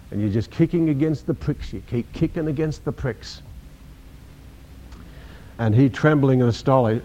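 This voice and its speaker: An older man delivers an emphatic sermon, repeating key words and acting out the scripture he quotes. His voice is mid-range with a darkish tone, captured in a dull lo-fi recording.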